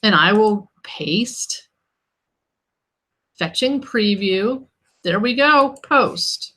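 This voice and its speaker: Bright-voiced woman, snarky live stream. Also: medium pitch, expressive, extremely slow. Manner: irritated, snarky, laughs it off. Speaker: author hosting her own live stream. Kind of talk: casual live-stream chat.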